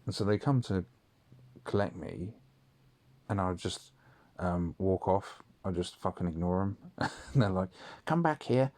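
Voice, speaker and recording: A deep-voiced man rambling through a late-night anecdote, peppering it with swearing and plenty of ums. His delivery is loose and conversational, storytelling to himself in an audio diary. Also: steady tone, unhurried, pauses often, darkish tone. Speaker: audio diarist. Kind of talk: casual storytelling monologue.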